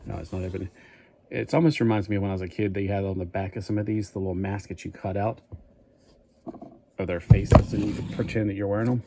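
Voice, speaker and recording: A man's voice: low-pitched, fairly even intonation, fast talker, vocal fry, noisy background. A man chatting casually in a toy review vlog, rambling and thinking aloud as he goes.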